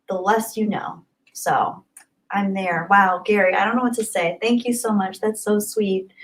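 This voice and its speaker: The low-quality recording captures a young streamer with a mid-range voice. She reads her chat aloud in a bubbly, effusive manner, often breaking into laughter during the casual stream.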